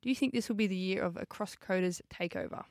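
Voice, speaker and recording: A young Australian woman talks footy on a podcast in a relaxed, chatty way, sprinkling in fillers and quick laughs. Her voice sits in the middle range for a woman. The sound is dry and close, with no room around it. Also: medium pitch, no room sound. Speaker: footballer and podcast co-host. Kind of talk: casual podcast chat.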